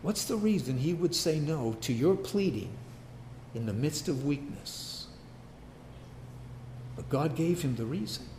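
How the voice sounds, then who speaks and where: A man's voice: on the high side, animated, measured pace, long pauses, a little mellow, reverberant, slight background noise. A man preaching a sermon as pastor, emphatic and repeating key phrases.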